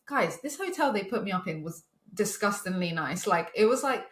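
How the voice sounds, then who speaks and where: A woman's voice: medium pitch, animated, normal speed, few pauses, fairly bright tone, reverberant. A woman in her twenties co-hosting a podcast, telling a story in casual chat with swearing and laughs. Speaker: podcast co-host.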